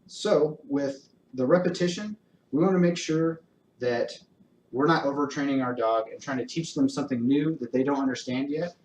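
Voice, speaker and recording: A man working as a dog trainer, calmly explaining training steps in a clear, encouraging way during a live demonstration. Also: medium pitch, moderate pace, distant mic, a little hiss or hum. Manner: calm, encouraging, explains step by step. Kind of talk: instructional talk with live demonstration. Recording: roomy echo.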